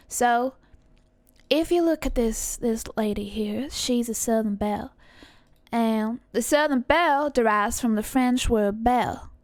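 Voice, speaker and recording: A woman's voice: a little high, dry recording. Chatty woman streamer. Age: young adult. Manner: chatty, reacts to chat, swears casually. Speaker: streamer teaching accents. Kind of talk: casual live-stream chat.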